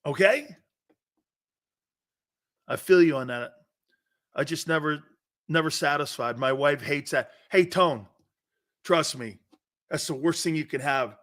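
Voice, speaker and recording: Brash male sports radio host, fast-swinging opinions, bright forceful tone, higher-pitched voice. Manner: brash, excitable, laughs often, needles his co-hosts. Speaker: sports talk show host.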